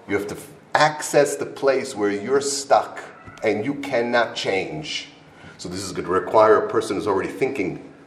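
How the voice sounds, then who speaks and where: A middle-aged man teaching a Torah class, his voice sitting on the low side as he presses each point and says the important lines twice. He slips into the voices of the people in his stories to act out their arguments. The sound bounces around a roomy hall. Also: a little hiss or hum. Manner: emphatic, repeats key phrases, acts out quoted arguments. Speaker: yeshiva teacher. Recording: roomy echo.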